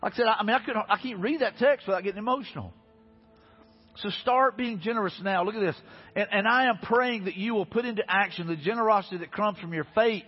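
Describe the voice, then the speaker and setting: A pastor preaching a sermon, earnest and repetitive, building to emphatic peaks. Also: male voice, high-pitched, fast talker, breathy edge. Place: church sanctuary. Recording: dull reverberant church hall with faint music.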